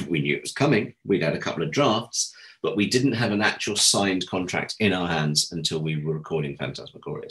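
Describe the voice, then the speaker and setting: A middle-aged man telling anecdotes as an interview guest. He laughs at himself and acts out the quoted lines. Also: rough recording. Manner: animated, acts out quoted dialogue with big jumps in pitch; self-deprecating, laughs while telling stories. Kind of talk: anecdotal storytelling in conversation.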